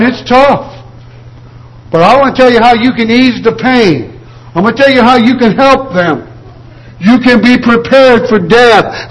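High-voiced preacher giving a sermon. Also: male voice, poor audio. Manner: earnest, measured preaching with rhetorical questions.

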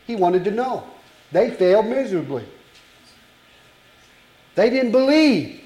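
A man's voice: sits high, big pitch swings, measured pace, long pauses, darkish tone, roomy sound, poor audio. A man preaching a sermon to a congregation, emphatic and full of rhetorical questions.

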